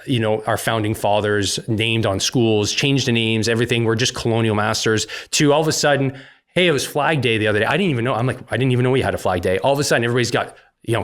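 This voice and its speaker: A man's voice: medium pitch, a bit bright. A middle-aged man with an English-speaking Canadian accent, a podcast guest in casual conversation, outspoken and joking with lots of fillers.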